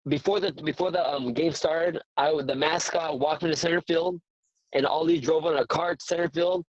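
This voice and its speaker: Man in his forties, boxing trainer, eager storyteller, a bit high-pitched, dry and dull lo-fi sound. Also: no echo. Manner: earnest, excitable storyteller who repeats words. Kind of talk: casual interview storytelling.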